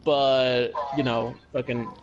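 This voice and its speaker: A young man hosting a podcast, ranting casually with lots of swearing and halting restarts. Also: medium pitch, flat delivery, highs cut off, a crowd in the background. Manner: profane, rambling, heated ranting. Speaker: podcast host.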